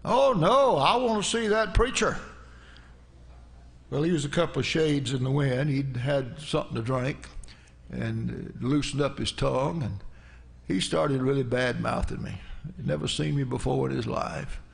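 Gravelly preacher telling a story. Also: male voice, medium pitch, normal speed. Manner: folksy, rambling anecdotal storytelling with restarts. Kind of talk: storytelling sermon.

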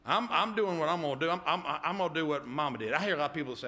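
A man's voice: fairly high pitch, very fast, pushed and bright. A middle-aged man preaching a sermon, often stopping to ask "amen?" of the congregation. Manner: emphatic call-and-response, repeated "amen?".

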